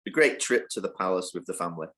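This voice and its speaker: A man's voice: deep voice, animated, quick pace, fairly bright tone. An older man answering interview questions, thoughtful and hesitant, with frequent fillers. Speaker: interview guest, university training head.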